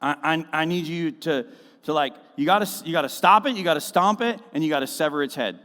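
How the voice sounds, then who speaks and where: A man's voice: fairly high pitch, fast talker, voice pushed up. A man voicing an insistent, hard-nosed male work boss who hunts snakes, speaking in an echoey church hall. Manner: insistent, emphatic, loud.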